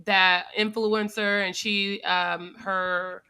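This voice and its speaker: A woman co-hosting a casual panel talk, reasoning aloud in a measured way. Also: mid-range voice, level tone, sharp tone, smooth. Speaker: podcast co-host.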